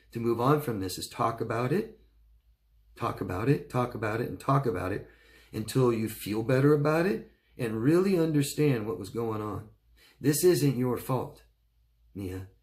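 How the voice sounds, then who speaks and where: Man coaching, steady and reassuring. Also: creaky. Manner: reassuring, repeats "okay?" often; acts out quoted friends in a higher, excited voice. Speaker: relationship coach. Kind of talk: answering viewer questions.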